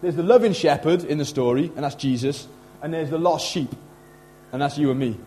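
A middle-aged man preaches in a chatty, animated way, often acting out quotes. His voice sits fairly high for a man but sounds mellow and soft-edged. A faint mains hum runs behind him. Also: fairly quick, rough recording. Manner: casual, animated preaching with lively acted quotes. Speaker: pastor. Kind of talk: sermon.

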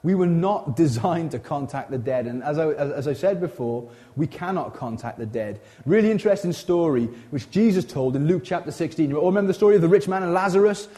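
Chatty preacher, warm mellow tone. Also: male voice, a little high, a little fast, hardly any pauses. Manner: animated, chatty, frequent self-interruptions and asides. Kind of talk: informal sermon.

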